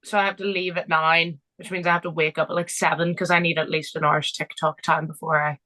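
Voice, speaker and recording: A young woman from England co-hosting a casual podcast, animated and playful, laughing often. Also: deep voice, brisk, poor audio. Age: young adult. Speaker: podcast co-host. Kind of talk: casual chat.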